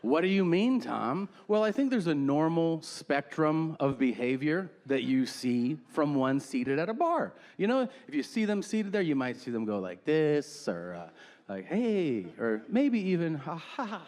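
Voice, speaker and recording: A middle-aged man telling a stand-up story in a deadpan way and acting out the other people in it. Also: on the high side, moderate pace. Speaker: stand-up comedian. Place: theater stage before a laughing audience. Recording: live stage recording with audience noise.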